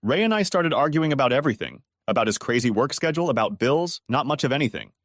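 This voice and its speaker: A man's voice: medium pitch, animated, quick pace, no room sound, studio quality, voice pushed up, close to an everyday voice. A man voicing a troubled married woman who asks anxious, breathless questions. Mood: regretful.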